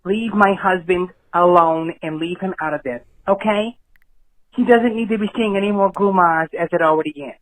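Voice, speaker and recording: A caller voicing a bossy middle-aged mob wife on a voicemail, sharp and scolding. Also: medium pitch, moderate pace, lightly acted, poor audio. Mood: protective. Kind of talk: voicemail impression.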